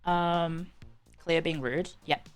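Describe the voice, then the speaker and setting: A woman's voice: fairly low pitch, steady tone, slow, smooth, soft background music. A woman with a British accent, livestreaming and chatting casually in a sarcastic, bantering, rambling way. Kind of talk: casual chat.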